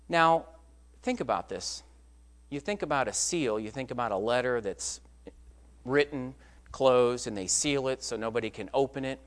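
A man's voice: mid-range voice, animated, moderate pace. A man preaching a sermon, telling a story in an emphatic, conversational way.

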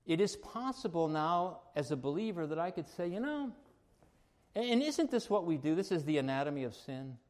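High-voiced emphatic male preacher. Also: sing-song, normal speed. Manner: emphatic preaching, swings between quiet asides and raised exclamations. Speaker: pastor. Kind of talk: sermon.

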